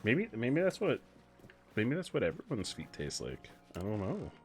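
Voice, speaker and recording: A young man streaming a game, chatting casually, switching between muttered asides and loud excited outbursts. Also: medium pitch, moderate pace, soft background music. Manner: excitable, shifts from mumbling asides to loud exclamations. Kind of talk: casual live-stream commentary while gaming.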